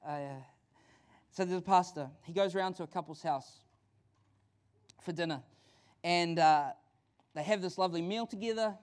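A fired-up pastor with a New Zealand accent, preaching in church with a notably high-pitched voice. He talks in a loose, chatty way, doubling back and restarting phrases as his excitement runs ahead of him. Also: normal speed, long pauses. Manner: excited, energetic, conversational preaching with frequent restarts. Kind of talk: sermon.

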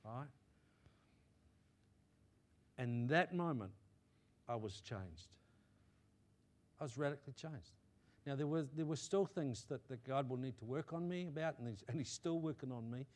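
A man preaching a sermon and sharing his testimony, halting with restarts and swelling to loud emphatic peaks. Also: medium pitch. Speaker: pastor.

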